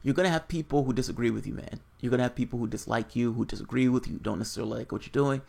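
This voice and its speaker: A man's voice: mid-range voice, racing, gravelly, mellow. A man hosting casual political commentary on a livestream, reading viewer chat aloud and answering in a blunt, profane, rambling way.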